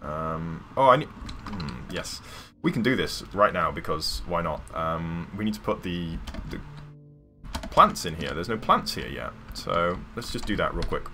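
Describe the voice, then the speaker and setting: A man's voice: deep voice, expressive, a little slow, pushed and bright, faint music behind. A man live-streaming a building game, chatty and rambling, with playful sound-effect interjections. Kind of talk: casual live game commentary.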